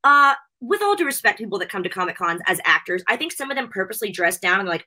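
A woman's voice: medium pitch, big pitch swings, quick pace, hardly any pauses, bright, forceful tone. A middle-aged woman chatting as an interview guest, gushing and emotional, laughing often as she talks. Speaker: interview guest, wrestling show host. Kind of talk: casual interview chat.

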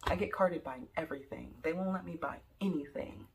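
A woman's voice: low-pitched, a little fast. A young woman telling a rambling, jokey story in a casual vlog, full of "like" and "um". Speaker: vlogger.

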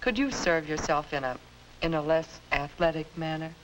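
An actress playing a gentle middle-aged mother who mildly corrects her son, in a 1950s educational film. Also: sits low, normal speed, lightly acted. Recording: hissy old film soundtrack.

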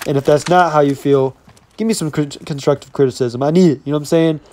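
Young male gaming creator, fairly high voice, upbeat hype commentary over gameplay, full of casual catchphrases. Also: quick pace, a little mellow, slight background noise. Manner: upbeat hype talk, keeps saying "you know what I'm saying". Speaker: gaming YouTuber.

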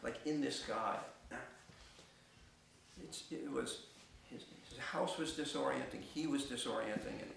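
A man's voice: mid-range voice, gravelly, a bit bright. Middle-aged guy telling a story onstage, lots of restarts, faint hum behind, sounds far from the mic. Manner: halting, many restarts and filler words. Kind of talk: personal storytelling on stage. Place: theater stage. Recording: echoey theater from far off.

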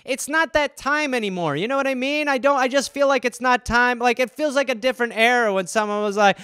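A man with a high, bright voice hosts a solo comedy podcast, rambling casually and swearing freely. His tone is smooth and clear, recorded close with a completely dry sound. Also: brisk, few pauses, no room sound. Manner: profane, rambling, conversational. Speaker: podcast host.

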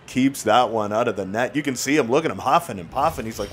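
A man with an average-pitched voice gives running play-by-play of his own hockey video game. He jokes, teases his players, and breaks into excited shouts at big moments. Faint background noise sits under the recording. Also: fast, few pauses. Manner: excitable, jokey, bursts into shouts and laughs. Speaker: gaming YouTuber.

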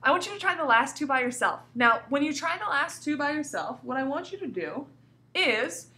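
A woman teacher walks young pupils through a recorded grammar lesson, her slightly high voice bright and ringing. She reads example sentences with deliberate, exaggerated pauses and keeps asking the class coaxing questions, her pitch swinging widely as she goes. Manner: lively, coaxing questions to students. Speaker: elementary school teacher.

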